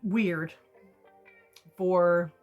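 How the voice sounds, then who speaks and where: A woman's voice: lowish voice, fairly even intonation, very slow, dull audio, faint music behind. A woman vlogger retelling a personal story in a rambling, chatty way with asides. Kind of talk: casual storytime.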